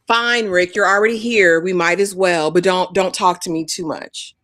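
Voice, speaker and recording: A woman's voice: medium pitch, moderate pace, few pauses, pushed and bright, no room sound, studio quality. A woman co-hosting a reality TV review show in casual chat, blunt and scornful as she mocks the cast.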